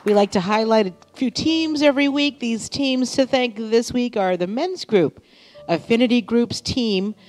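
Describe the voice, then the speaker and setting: A woman reading church announcements and thanking volunteers in a friendly, unhurried way during a service. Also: on the high side, a little mellow. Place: church sanctuary.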